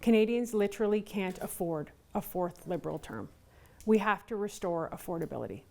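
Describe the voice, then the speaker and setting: A woman's voice: mid-range voice, expressive, fairly quick, vocal fry, warm tone. A woman candidate in a television studio, telling a doorstep story and making a persuasive campaign closing statement. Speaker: election candidate.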